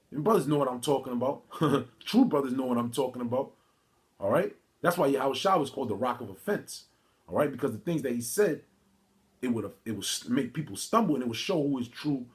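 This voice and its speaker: A man of middle pitch preaching casually into a phone or camera, his talk loose and streetwise with "man" dropped into nearly every line. He reads scripture aloud in a halting way, full of restarts. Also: darkish tone. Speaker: religious teacher. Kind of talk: informal video sermon. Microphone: phone or camera mic.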